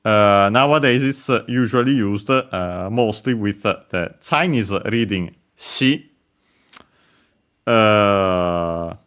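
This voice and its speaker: Slow, deep-voiced man teaching haltingly. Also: a bit bright, clean tone. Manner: hesitant, many filler pauses. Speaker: language teacher. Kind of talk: casual lesson explaining kanji.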